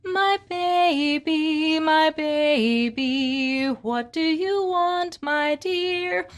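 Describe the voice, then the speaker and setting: A woman voicing a young maiden in a tower, speaking in a high, soft, wondering voice. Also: sing-song, a little slow, dry recording, faint music behind, exaggerated voice. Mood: singing softly.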